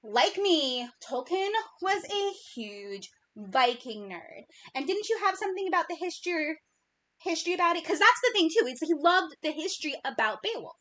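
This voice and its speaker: A woman's voice: sits high, very animated, normal speed, pushed and bright. A woman co-hosting a podcast in casual chat, bubbly and talkative, sometimes tripping over her words. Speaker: podcast co-host.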